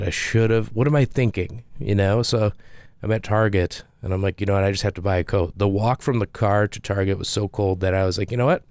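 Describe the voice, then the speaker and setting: A man's voice: fairly low pitch, darkish tone, no room sound. A man, a comedian, telling a rambling, self-deprecating story in a casual monologue with frequent restarts.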